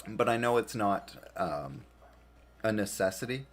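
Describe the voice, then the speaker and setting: A man's voice: lowish voice, lively intonation, measured pace. A tired man streaming a game, chatting casually and rambling in a self-deprecating way, laughing often. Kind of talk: casual gaming stream chat.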